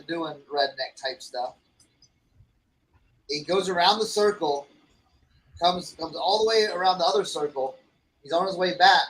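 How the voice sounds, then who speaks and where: High, bright-voiced man telling a story. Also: a little hiss or hum, poor audio. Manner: rambling, with lots of fillers and restarts. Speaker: podcast co-host. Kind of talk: casual storytelling chat.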